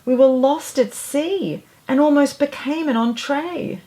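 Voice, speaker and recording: Woman reading as a high, eager little girl mouse, kind and excitable; slow storybook delivery. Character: sweet little female mouse on holiday.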